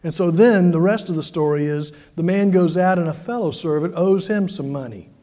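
High-voiced preacher in a reverberant hall. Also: male voice, moderate pace, warm tone. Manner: storytelling, conversational with dramatic swings in volume. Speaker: pastor. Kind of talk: sermon.

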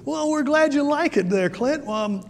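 A man's voice: extremely high pitch, animated, normal speed, gravelly, long reverb tail, pitched above the performer's own voice, full character voice. A man voicing friendly, teasing Midwestern men.

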